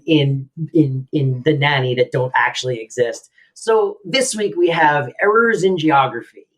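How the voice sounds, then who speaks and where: A woman from Florida co-hosting a podcast, chatting casually and ranting in exasperation about a sitcom. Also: deep voice. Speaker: podcast co-host. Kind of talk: casual chat recapping a sitcom.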